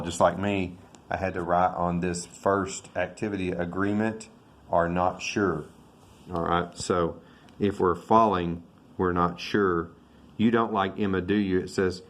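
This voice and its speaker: A man with a very deep, low voice gives a relaxed video lesson on English intonation. He talks loosely and thinks out loud. He often stops to correct himself mid-sentence. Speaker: English teacher.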